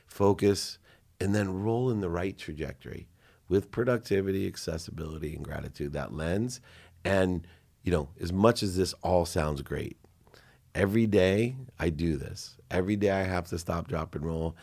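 A middle-aged man with a very low, deep voice, talking as a podcast guest. He is earnest and confessional, and he acts out the things he said in his own stories. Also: moderate pace, vocal fry, darkish tone. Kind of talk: casual interview chat.

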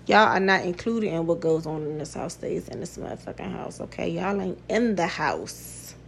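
A woman's voice: on the low side, expressive, normal speed, gravelly, slight background noise. A woman hosting a podcast in a casual monologue, talking bluntly, swearing and laughing often. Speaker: podcast host.

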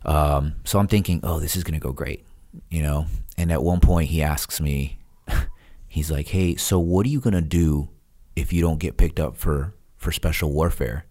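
A man's voice: a bass voice, moderate pace. A man, a podcast guest, telling a story in casual chat and acting out the other people's lines. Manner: animated, acts out quoted dialogue with laughs. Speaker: podcast guest, retired Navy SEAL.

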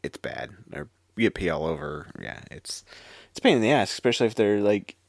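A man's voice: mid-range voice, expressive, brisk, gravelly, dry recording, studio quality. A man who works in healthcare co-hosting a casual podcast, laid-back and sarcastic, swearing freely. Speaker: podcast co-host, healthcare worker.

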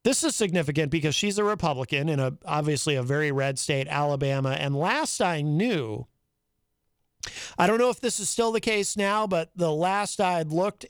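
Male talk radio host, high voice, smooth and clear, dry studio sound, chatty news commentary. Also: a bit bright, no echo. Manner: conversational, thinking aloud with fillers and asides. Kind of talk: call-in talk radio, reading news aloud.

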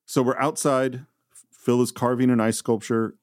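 A man's voice: mid-range voice, fairly even intonation, moderate pace, no echo. A male podcast co-host in casual film discussion, recapping scenes and acting out lines.

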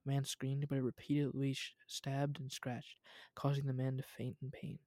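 A man's voice: mid-range voice, normal speed, dry recording, studio quality. Young man reading a story aloud. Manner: relaxed, laughs at his own reading. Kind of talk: casual chat and story reading.

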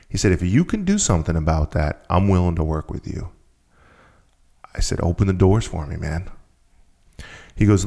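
A man's voice: low-pitched, animated, normal speed, creaky, pauses often, mellow. A man who is a guest on a conversational show, telling a story casually and with energy, often restarting and repeating phrases.

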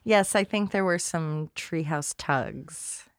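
A woman's voice: low voice, slow pace, clean tone, no room sound. Woman host, wry commentary, dry close-miked sound. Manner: wry, conversational, laughs often. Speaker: podcast host. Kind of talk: scripted commentary, then casual chat.

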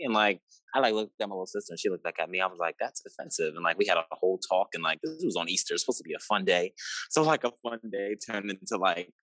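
A man's voice: low-pitched, fast, a bit bright, dry recording. A young adult man, a podcast guest, telling stories in casual chat, acting out quoted family lines and swearing freely.

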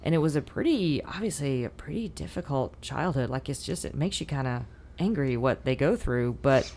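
A woman with a notably low voice in relaxed chat. She talks expressively and loses her train of thought now and then while hunting for a word. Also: normal speed, a little hiss or hum. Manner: chatty and expressive, trails off searching for words. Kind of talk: casual chat.

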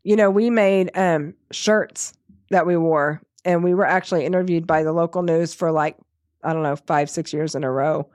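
A woman's voice: fairly low pitch, steady tone, moderate pace, a little mellow. A middle-aged woman co-hosting a podcast, telling stories in casual chat and laughing often. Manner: chatty storyteller, laughs often. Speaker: podcast co-host.

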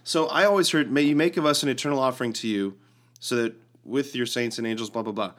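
A man co-hosting a casual faith podcast, chatty and full of "like", acting out quoted lines with a lifted voice. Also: quick pace. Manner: animated, acts out quoted lines with rising pitch; lots of "like" and restarts. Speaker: podcast co-host.

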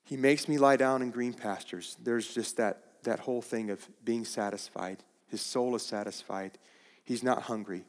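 Male preacher, mid-range voice, unhurried and halting, recorded in a reverberant hall. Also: medium pitch, steady tone. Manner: halting, restarts phrases, slow deliberate delivery. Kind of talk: sermon.

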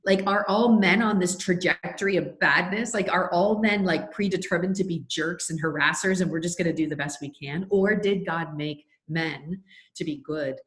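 A middle-aged woman speaking as a podcast guest, earnest and heartfelt, telling stories with plenty of "like" and "you know". Her voice sits a little low, and it rings with a noticeable roomy echo. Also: moderate pace. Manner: earnest, heartfelt, with many fillers. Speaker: guest, faith leader and anti-trafficking advocate. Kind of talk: podcast interview, storytelling.

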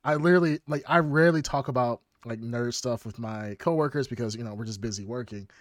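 A man co-hosting a podcast, telling stories in casual chat, animated, laughing and swearing freely. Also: medium pitch, fast talker, no room sound, studio quality. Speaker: podcast co-host.

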